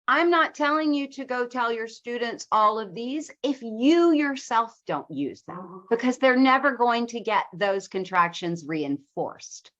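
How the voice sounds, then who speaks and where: Slow, emphatic woman teacher trainer. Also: a little high, fairly bright tone, lo-fi sound. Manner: explanatory, emphatic, illustrates with spoken examples. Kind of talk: workshop presentation.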